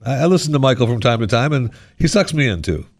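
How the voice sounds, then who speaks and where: A man's voice: medium pitch, expressive, fast, dry recording. A man hosting a radio talk show, rambling on in a sarcastic, jokey monologue from a studio microphone.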